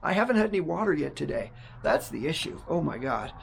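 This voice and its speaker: A hoarse man chatting casually to his vlog camera at home, rambling and talking himself through each step. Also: a little high, big pitch swings, fairly quick, slight background noise. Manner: chatty, rambling, self-talk. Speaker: vlogger. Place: room at home. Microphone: action camera on a mini tripod.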